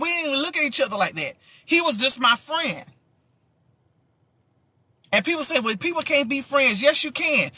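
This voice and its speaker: A woman pastor telling a story in a lively, chatty way on a livestream, with sound effects and preachy asides. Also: sits high, breathy edge, no room sound.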